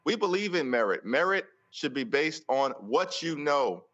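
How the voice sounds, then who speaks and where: A man giving forceful political commentary on a talk show, stacking repeated phrases for emphasis. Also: a little high, very animated, moderate pace, highs cut off. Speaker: congressional leader interviewed as guest.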